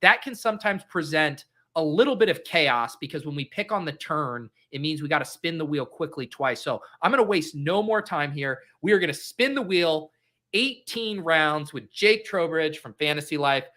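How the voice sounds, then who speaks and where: A young adult man from Colorado, hosting a casual podcast interview in a chatty, upbeat way with quick asides. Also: fairly high pitch, animated, sharp tone. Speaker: host.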